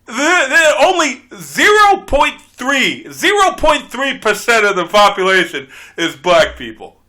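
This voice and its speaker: Give me a brash, laughing podcast host, a man with a high, lively voice. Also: a little slow. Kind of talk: casual comedic chat.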